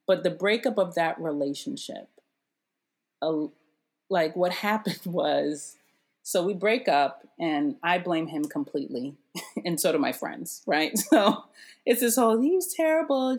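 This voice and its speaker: A middle-aged woman telling her story in a casual interview, animated and laughing often as she acts out what others said. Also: lowish voice, a little slow, husky. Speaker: interview guest.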